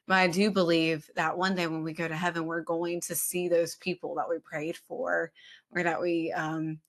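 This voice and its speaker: Female podcast host, lowish voice, soft and reflective, casual faith chat. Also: little pitch movement, normal speed. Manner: reflective, soft, searching for words.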